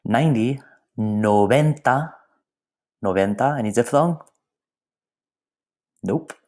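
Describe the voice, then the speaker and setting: A man's voice: medium pitch, lively intonation, slow pace, darkish tone. A man teaching a recorded language lesson in a playful way, with whispered asides. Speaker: Spanish teacher.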